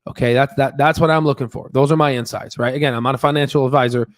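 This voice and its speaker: The man hosting this stock market channel talks fast in a medium-pitched voice with fairly even intonation. His casual stock talk is emphatic and repetitive, packed with fillers and "okay?" tags, and it's recorded in studio quality with no echo.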